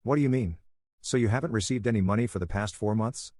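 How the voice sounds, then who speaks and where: Brief: man voicing a firm, angry dad, low voice, dry close sound. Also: fast, dry recording, close to an everyday voice. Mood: stern, angry. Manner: presses with sharp questions. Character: stern middle-aged father, angry and firm.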